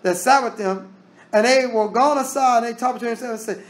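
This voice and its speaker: A man's voice: very high voice, brisk. A man teaching a Bible study. He reads scripture aloud and explains it in plain, casual talk. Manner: casual Southern American grammar.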